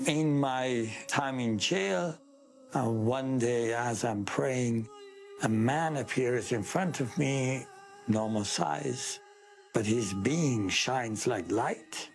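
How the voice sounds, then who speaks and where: A man's voice: medium pitch, takes it slowly, gravelly. A man from Iran, giving an earnest, heartfelt personal faith testimony in an interview.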